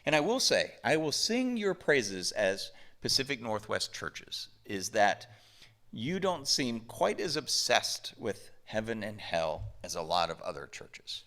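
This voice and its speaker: Pastor, male, from the southern US, bright lively voice, unhurried conversational sermon. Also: lowish voice. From southern United States. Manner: conversational, emphatic preaching with rhetorical questions. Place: church sanctuary.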